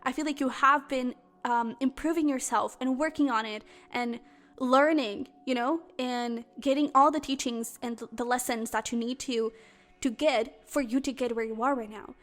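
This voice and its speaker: Brief: female tarot reader, high voice, effusive and excitable, chatty filler-heavy delivery. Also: normal speed. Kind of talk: pick-a-card tarot reading to camera.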